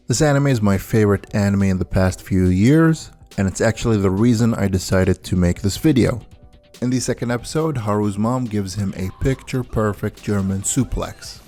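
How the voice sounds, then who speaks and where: A man giving a scripted video-essay narration as the host, counting down a list in a steady delivery over faint background music. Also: lowish voice, normal speed. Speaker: anime and wrestling video host.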